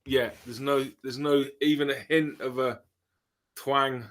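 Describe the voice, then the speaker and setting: A man's voice: mid-range voice, steady tone, a little slow, fairly bright tone. A British man hosting a casual podcast interview, chatty and storytelling, with rambling questions. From Britain. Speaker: podcast host, drummer.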